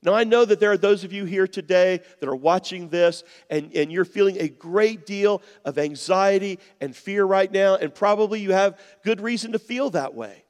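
Male pastor, earnest sermon, fairly high voice, long hall echo, softens to a near-whisper. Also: normal speed, hardly any pauses. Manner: earnest, drops to a soft near-whisper on key words.

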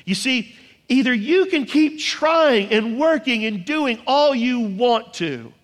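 A man preaching a sermon to a congregation, emphatic and full of rhetorical questions, drawing out key lines slowly. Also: extremely high pitch. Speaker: pastor. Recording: long hall reverb.

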